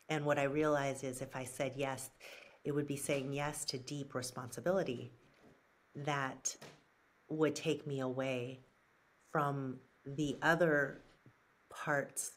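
Slow, low-voiced woman strategist. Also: slight background noise. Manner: measured and earnest, with frequent fillers and restarts. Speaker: guest, brand strategist and author. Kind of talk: reflective interview answers.

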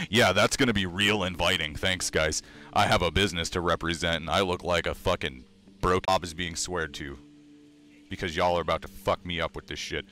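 A young man streaming, ranting loudly and sarcastically with constant swearing. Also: fairly low pitch, fairly quick. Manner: loud, sarcastic, swearing freely. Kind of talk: casual profane stream rant.

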